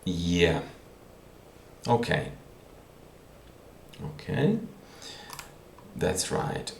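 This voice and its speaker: A man's voice: sits low, big pitch swings, drawn-out words, gravelly, long pauses, a little hiss or hum. A man teaching a language lesson on video, patient and repeating words as he thinks aloud. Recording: roomy echo.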